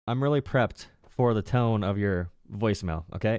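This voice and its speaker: A man's voice: lowish voice, moderate pace, darkish tone, no echo. A young man hosting a political livestream, talking casually with a sarcastic, mocking tone and frequent laughs. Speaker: political streamer and call-in show host.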